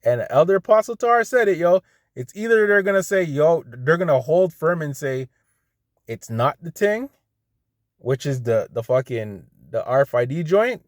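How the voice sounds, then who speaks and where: A man's voice: mid-range voice, no echo, studio quality. Heated, profane man ranting. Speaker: vlogger. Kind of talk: casual rant.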